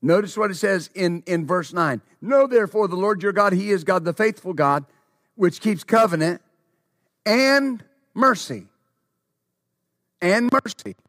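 A man preaching a sermon who repeats his phrases, asks the congregation questions and calls out hallelujah, stumbling over words when excited. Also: high voice, unhurried, long pauses, no echo, studio quality.

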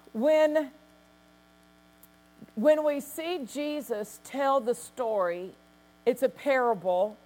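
A woman pastor preaching a sermon, telling stories with lively quoted voices and bursts of acted laughter. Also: sits high.

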